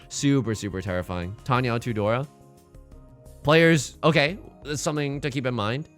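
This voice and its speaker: A young man giving casual gameplay commentary as a let's play host, swinging between fretting mutters and excited outbursts. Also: fairly low pitch.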